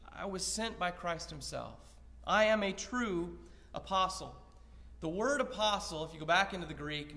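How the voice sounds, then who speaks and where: A man's voice: high-pitched, pushed and bright. A man preaching an evening Bible lesson, earnest and posing rhetorical questions as he paraphrases scripture. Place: church sanctuary. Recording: long reverb of a church hall.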